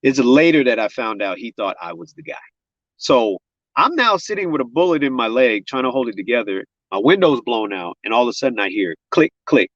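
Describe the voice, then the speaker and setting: A man's voice: medium pitch, very animated, fairly quick, a bit bright, no room sound. A man telling a vivid personal story. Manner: vivid storyteller, acts out other people's words; uses casual spoken grammar. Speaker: guest, gun violence survivor. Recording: dull, lo-fi sound.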